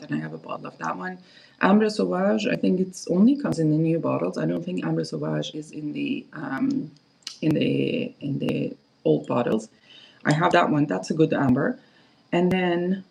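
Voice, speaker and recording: A woman's voice: low voice, gravelly, a little mellow, breathy edge, poor audio. A woman hosting a casual perfume livestream, rambling and chatty with lots of fillers and restarts. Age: adult, parent of kids.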